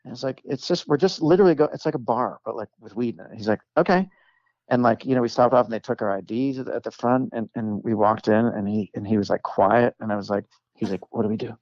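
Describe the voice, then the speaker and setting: A man's voice: fairly low pitch, fairly even intonation, fast, a little mellow, no room sound, highs cut off. Rambling man telling a stoner story. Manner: rambling, many "like"s and restarts, acts out quoted voices. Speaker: podcast guest, comedic actor. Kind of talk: casual storytelling chat.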